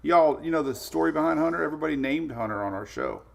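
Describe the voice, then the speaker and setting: Male weather-stream host, gravelly and easygoing, chuckles between chat replies. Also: a little high, animated, fast. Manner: laid-back, chuckling, answers viewer comments. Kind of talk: casual live-stream chat.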